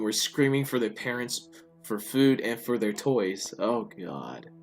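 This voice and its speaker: Male let's-player, casual and chatty, medium pitch, faint music under him. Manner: chatty, incredulous outbursts. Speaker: gamer reading a story game aloud. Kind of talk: casual let's-play narration.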